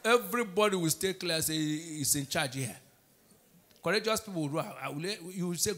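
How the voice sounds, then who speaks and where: A man's voice: fairly high pitch, lively intonation, fairly quick, bright, forceful tone. A middle-aged Nigerian man preaching a sermon as pastor, emphatic, with call-and-response questions to the congregation.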